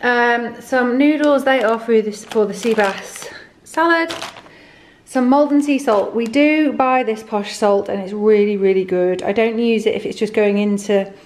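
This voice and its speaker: A woman chats through her shopping in a relaxed, rambling way, full of ums and restarts. Her voice sits slightly high and she sounds a little short of breath. A faint background hiss runs under the recording. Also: unhurried. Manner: chatty, rambling with fillers and restarts. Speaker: vlogger. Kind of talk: casual grocery haul chat.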